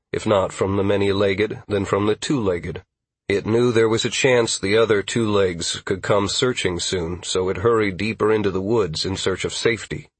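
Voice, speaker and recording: A man narrating a fantasy audiobook in a steady, even storytelling manner on a close studio mic. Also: fairly low pitch, slightly rough, no room sound.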